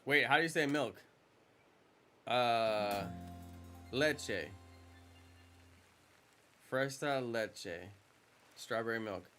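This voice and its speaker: Slow, easygoing man streaming a game. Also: mid-range voice, bright, forceful tone. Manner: joking, rambling, chuckles at own jokes. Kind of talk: casual live-stream chat while gaming. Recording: game music behind the voice.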